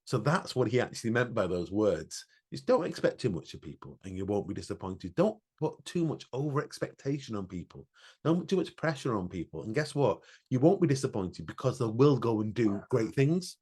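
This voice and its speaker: A man's voice: medium pitch, very animated, brisk, a little mellow, husky. A man co-hosting a podcast, telling a personal story in an earnest, reflective way with many restarts. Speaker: podcast co-host. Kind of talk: emotional casual chat.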